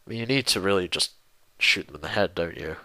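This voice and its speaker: A man's voice: sits low, lively intonation, quick pace, bright, forceful tone, dry recording. A young English man rambling through a casual viewer Q&A, self-deprecating and swearing mildly. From England. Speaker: YouTuber answering viewer questions. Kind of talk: casual Q&A monologue.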